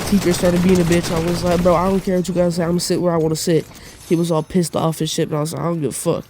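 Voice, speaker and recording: A young man with a fairly high but dark, mellow voice, telling a story in loose, profane slang. He rambles with lots of fillers, close to the mic, with faint hiss behind him. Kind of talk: casual storytelling monologue.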